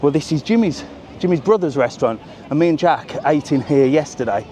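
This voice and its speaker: His voice is fairly high, animated, brisk and mellow as this British travel vlogger walks a bustling seafront at night, livestreaming on a small handheld camera. He cracks cheeky jokes with light swearing over slight background noise and street music.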